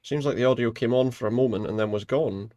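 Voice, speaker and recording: A man chatting in a relaxed, rambling way as he streams a video game. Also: medium pitch, fast, dry recording, clean studio sound. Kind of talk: casual let's play commentary.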